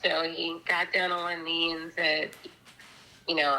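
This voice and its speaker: A woman's voice: low voice, level tone, a little slow, pushed and bright, rough recording. A woman guest telling a personal story in a casual interview, chatty and rambling, with many fillers and restarts.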